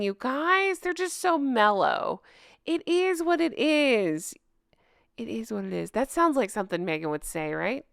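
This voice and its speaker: A woman's voice: on the high side, sharp tone, clean tone, no echo, studio quality. A woman giving sarcastic casual commentary, laughing often and mocking with asides. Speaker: commentary vlogger.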